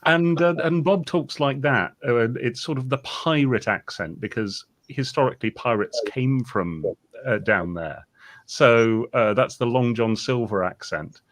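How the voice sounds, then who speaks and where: A man's voice: mid-range voice, a little slow. Man from the West Country, dry and digressive. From West Country of England. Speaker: comic writer guest. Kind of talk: casual interview chat.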